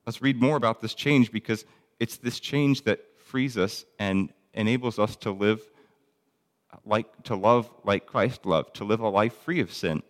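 A man's voice: fairly low pitch, unhurried, long reverb tail. A man teaching a Bible lesson in a conversational way, reading verses aloud between plain explanations with frequent ums and restarts.

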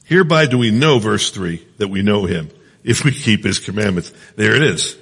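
A middle-aged male preacher with a low, slightly husky voice teaches in an earnest, conversational manner. He often stops to check in with his listeners. His voice carries a long reverb, as if he is speaking in a large hall. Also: expressive, normal speed, a bit bright. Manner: earnest, asks the listeners often, many restarts.

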